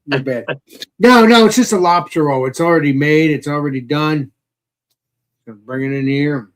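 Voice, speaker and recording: A man's voice: on the high side, normal speed. A man hosting a live stream in casual chat, easily amused and talkative. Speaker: stream host.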